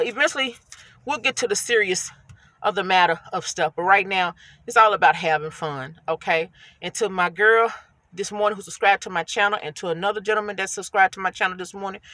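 A woman's voice: medium pitch, no room sound. Chatty woman in her fifties. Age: 50s. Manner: chatty, animated, addresses viewers as y'all. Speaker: rideshare driver vlogger. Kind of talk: casual storytelling vlog. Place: inside her car.

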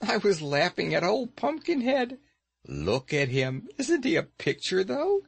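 A cheeky, merry young boy, protesting in a high, raised voice, as a man puts him on in a storybook reading. The dry, close sound keeps it crisp. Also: huge pitch swings, measured pace, dry recording, exaggerated voice.

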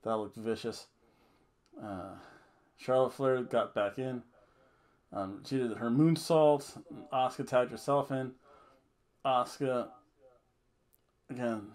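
A man's voice: medium pitch, steady tone, slow pace, long pauses, a little mellow. A man giving a casual, rambling, jokey wrestling review full of fillers and restarts.

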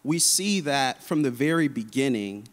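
Man, pastor in a panel; measured and explanatory, mid-pitched, long hall reverb. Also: lively intonation. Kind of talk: panel discussion.

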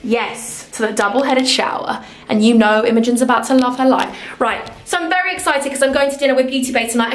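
Fast-talking woman vlogging. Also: sits high, roomy sound. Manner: animated, acts out both sides of conversations. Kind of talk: chatty storytelling vlog. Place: hotel room.

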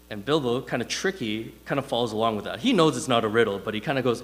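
A man delivers a sermon in an easy, conversational style, leaning on fillers as he tells stories to make his points. His voice sits at a middle pitch. The sound carries a long reverb from the church hall. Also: fairly quick. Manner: conversational, animated storytelling with frequent fillers. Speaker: preacher.

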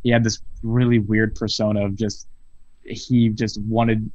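A man's voice: lowish voice, level tone, unhurried, a little mellow, no room sound, lo-fi sound. A man in his twenties, a podcast guest, telling a story animatedly with frequent swearing over a video call. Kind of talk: casual storytelling chat.

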